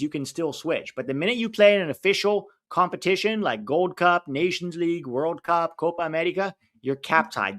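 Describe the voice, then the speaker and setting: A man's voice: on the high side, a bit bright. A man hosting a live football watch-along stream, chatting casually, rattling off lists and laughing as he answers viewers.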